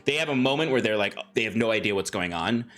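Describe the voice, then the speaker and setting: A man's voice: lowish voice, expressive, fast, fairly bright tone. A man narrating a tabletop game as game master, with plenty of ums and restarts. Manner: hesitant, filler-heavy narration.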